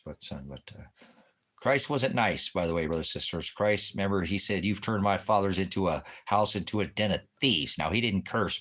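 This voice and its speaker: Deep-voiced rambling man on a livestream. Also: a bit bright, slightly rough. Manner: rambling, profane, preachy; baby talk to his dog. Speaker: YouTube channel host. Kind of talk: casual livestream chat.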